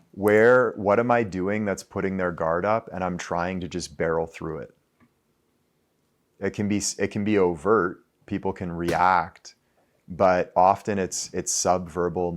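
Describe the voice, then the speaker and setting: A man in his thirties talking loosely to a live audience, full of "like" fillers and the odd swear word. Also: low voice. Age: 30s. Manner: loose and conversational, with frequent "like" fillers and profanity. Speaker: speaker addressing a live audience. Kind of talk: casual talk to an audience.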